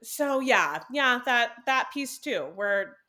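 Casting: woman, soft self-deprecating delivery, easy conversational tone. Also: a little high, animated, slow. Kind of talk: casual conversation.

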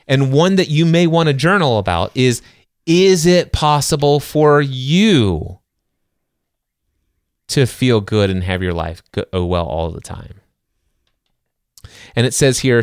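A man's voice: mid-range voice, dry recording, studio quality. A middle-aged man co-hosting a podcast, talking through a self-help book in an earnest, conversational way with rhetorical questions and frequent restarts. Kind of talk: casual faith-based self-help discussion.

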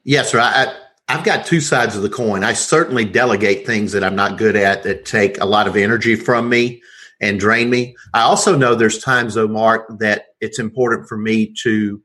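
A man's voice: lowish voice, moderate pace, bright, forceful tone. A middle-aged man from Georgia with a Southern twang, talking politely as a podcast guest and often saying sir. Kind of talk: interview conversation.

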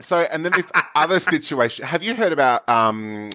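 A man's voice: on the high side, normal speed. Camp man telling stories. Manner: camp, animated anecdote teller with acted quotes. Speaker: guest storyteller. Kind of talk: casual chat.

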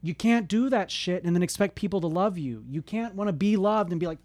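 A man's voice: high voice, brisk, hardly any pauses, darkish tone, no room sound. A man in his thirties talking bluntly and with lots of swearing, urging listeners to be open and ask for help. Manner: profane, blunt, impassioned. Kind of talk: candid motivational talk.

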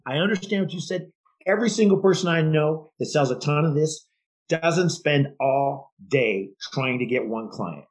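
Husky, emphatic male sales podcaster. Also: on the high side, measured pace, low-quality recording. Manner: emphatic, rambling with restarts. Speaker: podcast co-host. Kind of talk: casual sales chat.

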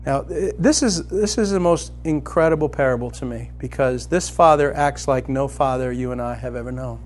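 A middle-aged man preaching a sermon as a pastor, telling a personal story and climbing to loud, excited emphasis. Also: mid-range voice, moderate pace, a little hiss or hum.

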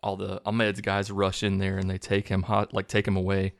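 A movie reviewer with a low, gravelly voice loosely and sarcastically recaps a film's plot, dropping into quick impressions of the characters' lines. His delivery is completely flat, and the sound is dry and close with no room tone.

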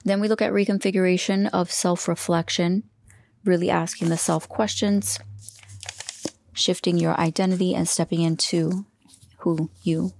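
A woman's voice: fairly low pitch, steady tone, normal speed, vocal fry, a little mellow, slight background noise. A woman hosting a solo coaching podcast, talking loosely with restarts and now and then dropping into a whisper. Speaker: podcast host and life coach.

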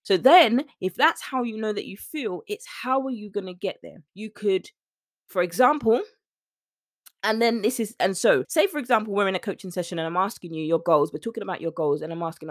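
Woman, podcast coach, solo monologue, animated, acts out scenes, mid-pitched voice, dry close sound. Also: brisk, no room sound. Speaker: weight-loss coach and podcast host.

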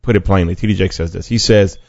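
A man with a low, gravelly voice preaches a podcast sermon in an earnest, conversational way and often restarts mid-sentence. The sound is dry and dull, with a lo-fi feel. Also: steady tone, fast talker, no echo.

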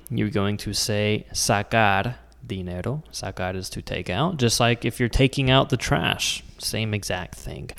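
Man from the US, Spanish teacher, smooth resonant voice, patient explainer. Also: lowish voice, long reverb tail. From United States. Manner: clear, patient explanations, slows down to spell out words. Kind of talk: scripted language lesson.

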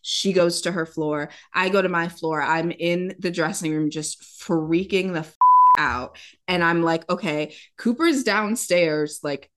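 Woman dancer, low-ish register, animated casual storyteller, heavy on fillers. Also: measured pace. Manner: animated, acts out quoted dialogue, many "like" fillers. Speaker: ballet dancer.

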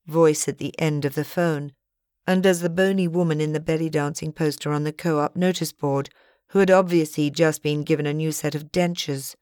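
Female audiobook narrator, low and measured, dry close recording. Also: fairly even intonation, darkish tone, no room sound. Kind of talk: scripted narration.

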